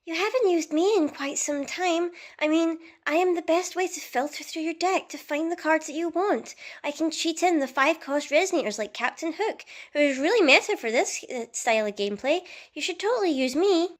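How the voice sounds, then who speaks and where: A woman's voice: very high-pitched, moderate pace, few pauses, pitched above the performer's own voice. A woman voicing a card-game ruler character who boasts and pleads to be used. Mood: pleading. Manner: pleading, self-promoting.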